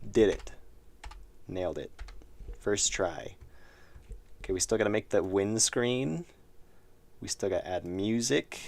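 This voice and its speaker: A man's voice: on the low side, vocal fry. A man streaming his indie game work, chatting casually with viewers in a rambling, self-deprecating way while losing his voice. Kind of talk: casual live-stream chat.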